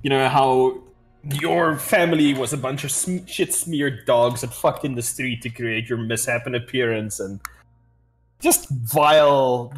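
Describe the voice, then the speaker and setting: A man's voice: medium pitch, a little slow, faint music behind. A man narrating as game master in a tabletop game, casual and laughing, with some swearing.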